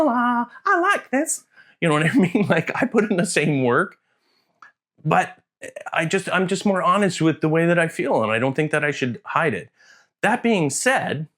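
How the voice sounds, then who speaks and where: Man, casual vlog talk, earnest, rambling, mid-pitched voice. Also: a bit bright. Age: adult, served in the military. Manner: rambling, self-interrupting, emotional and earnest; acts out quoted voices with big pitch jumps. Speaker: vlogger.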